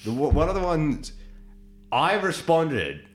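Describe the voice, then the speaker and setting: A man's voice: a little high, sing-song, measured pace. A young man co-hosting a podcast, teasing and arguing with his friends in casual banter. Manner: teasing, argumentative. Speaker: podcast co-host.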